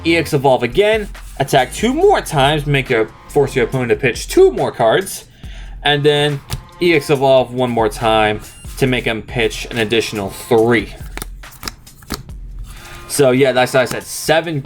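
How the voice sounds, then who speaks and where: A young man hosting a card game channel, chatting casually and explaining a deck step by step in an upbeat, talkative way. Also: mid-range voice. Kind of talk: casual deck profile walkthrough.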